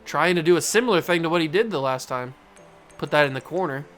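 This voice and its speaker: A fairly high-voiced man gives casual, running play-by-play of a baseball video game he is playing. He talks to the players and the game as if they could hear him. He swings quickly from muttering to excited yelling, with faint music underneath. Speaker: gaming channel host.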